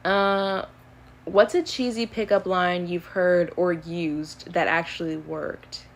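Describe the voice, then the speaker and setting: A young woman in her early twenties talks in an easygoing, rambling way, filling gaps with "um" and "like" as she answers questions. Her voice sits a little lower than most women's. The delivery stays relaxed and conversational, as on a live stream. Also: slow, slight background noise. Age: early 20s. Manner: rambling, filler-heavy, easygoing. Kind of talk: casual chat answering questions.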